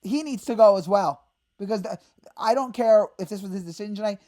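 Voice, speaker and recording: A woman hosting a fan channel, ranting in exasperation about her team and breaking into sudden shouted outbursts. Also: mid-range voice, brisk. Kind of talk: angry fan rant.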